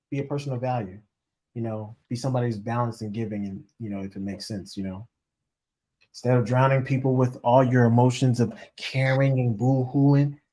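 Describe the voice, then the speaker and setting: A man giving a casual motivational talk as a relationship coach, talking straight to his audience and acting out the voices of people he quotes. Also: mid-range voice. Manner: animated, acts out quoted voices, addresses audience as y'all.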